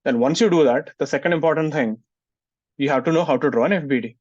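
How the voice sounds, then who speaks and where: A man's voice: a little high, quick pace, darkish tone, no echo. Man, physics teacher, classroom lecture, muffled, dry. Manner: scolds students, asks "getting it?" often.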